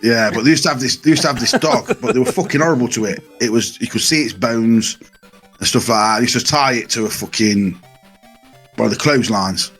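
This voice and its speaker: Man, husky and animated, telling rowdy stories on a casual podcast. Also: mid-range voice, brisk, soft background music. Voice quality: husky, swears a lot, animated storytelling. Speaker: podcast co-host. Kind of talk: casual storytelling chat.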